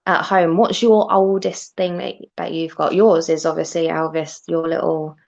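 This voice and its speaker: A woman's voice: deep voice, flat delivery, normal speed, creaky. Chatty British-sounding woman in her thirties. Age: 30s. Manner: chatty, laughs often, restarts sentences. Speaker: live stream host. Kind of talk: casual chat on a live stream. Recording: dull, lo-fi stream audio.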